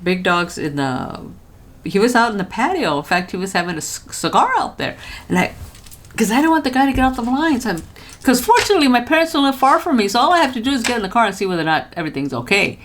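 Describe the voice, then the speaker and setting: An older woman vlogger telling a story in a casual way from her home studio, jumping high in pitch when she quotes others. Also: quick pace, slight background noise. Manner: lively, jumps high when quoting others.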